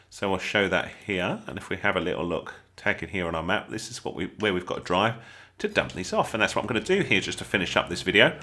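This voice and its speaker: Low-voiced and bright with a forceful edge, an English gaming channel host jokes and chats his way through a video game tutorial for viewers.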